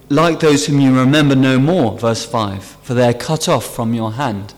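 A man preaching a sermon earnestly, stressing key phrases as he explains a psalm. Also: medium pitch. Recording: long hall reverb.

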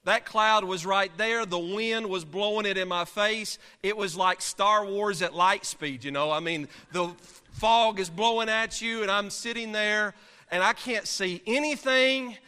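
Pastor guy telling a story in his sermon, really bright tense voice, lots of drama, church hall reverb. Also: high-pitched, unhurried, clear, resonant tone. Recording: long reverb of a large hall.

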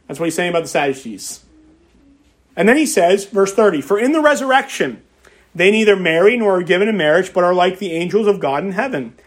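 A man with a fairly high voice preaching from the pulpit. He reads scripture aloud, then presses his point by repeating key phrases with emphasis. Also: animated, a little fast. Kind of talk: expository sermon.

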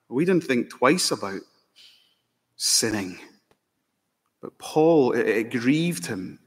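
Male pastor, mid pitch, earnest sermon delivery, long church reverb. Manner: earnest preaching with rhetorical questions.

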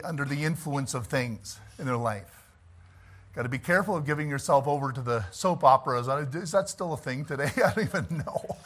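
A man's voice: a little high, fairly bright tone. A middle-aged man preaching a folksy sermon in church as pastor, talking conversationally with asides and chuckles, then pressing his points emphatically.

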